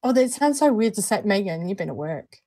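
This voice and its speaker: A woman's voice: medium pitch, very animated, brisk, warm tone, dry recording. A woman hosting a casual live vape review stream from home, chatty and laughing often. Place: at home, indoors at night.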